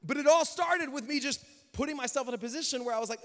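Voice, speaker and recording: A male pastor telling a story in a sermon, animated, dropping to a hush and then rising loud. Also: high-pitched, racing, few pauses. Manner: animated, swings between hushed and loud. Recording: long hall reverb.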